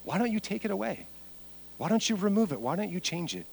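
A man's voice: mid-range voice, normal speed, lightly acted, low-quality recording. A man, a preacher, voicing the apostle Paul as a hurting man who pleads with repeated questions. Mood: pleading.

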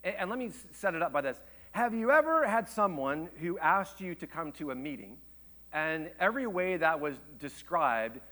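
A man in his thirties preaching a sermon, telling a personal story with rhetorical questions and dropping to a hush for emotional points. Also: a little high. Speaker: pastor.

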